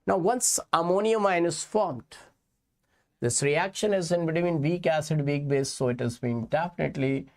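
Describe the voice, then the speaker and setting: A man with an Indian English accent teaching a chemistry lecture, explaining slowly and repeating key points while calling his students kids. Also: a little high, a little mellow. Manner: slow, repetitive explaining, addressing students as kids. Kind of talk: exam-prep lecture.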